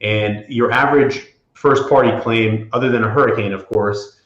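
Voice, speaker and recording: A man's voice: mid-range voice, steady tone, moderate pace, a bit bright. A man from the Florida Panhandle, an attorney and guest, talking casually with many fillers and restarts. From Florida Panhandle, USA. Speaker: property insurance attorney, guest. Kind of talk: casual interview talk. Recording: roomy, dull lo-fi sound.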